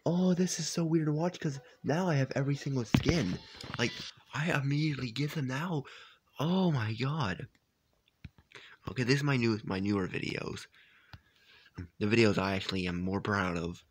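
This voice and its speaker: A young man reacting to his own old videos in a hushed, half-whispered voice, incredulous and amused. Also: mid-range voice, moderate pace, pauses often, breathy edge. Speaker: YouTuber. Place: home at night.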